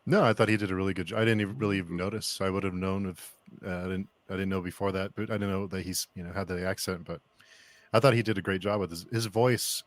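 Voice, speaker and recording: A man talking hesitantly and softly in a casual film discussion. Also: sits low, fairly even intonation, fast talker.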